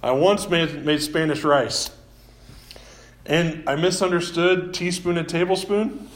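A man preaching a sermon as pastor, talking in a relaxed, conversational way with self-deprecating asides, live-streamed from a church. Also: on the high side, a little slow.

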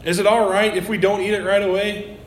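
A man voicing a lonely middle-aged woman who speaks softly and hesitantly. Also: high-pitched, level tone, a little hiss or hum, pitched above the performer's own voice, natural voice. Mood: timid pleading. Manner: hesitant, halting. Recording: roomy echo.

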